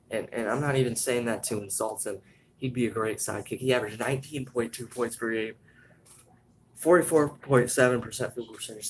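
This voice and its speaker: Halting young man with faint hiss. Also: medium pitch, poor audio. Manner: halting, many fillers and restarts, yawning. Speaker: host. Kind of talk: live commentary on a sports draft.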